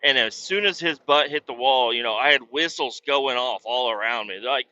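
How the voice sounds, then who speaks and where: A man's voice: mid-range voice, normal speed, no echo, dull audio. A man in his thirties, hosting a podcast, telling rambling stories with plenty of swearing. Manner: profane, rambling and animated. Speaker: podcast host. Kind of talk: casual storytelling chat.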